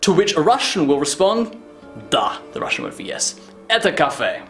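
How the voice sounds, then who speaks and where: A man giving a casual language lesson, jumping high in pitch when acting out example phrases. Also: big pitch swings, moderate pace, soft background music. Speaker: language teacher.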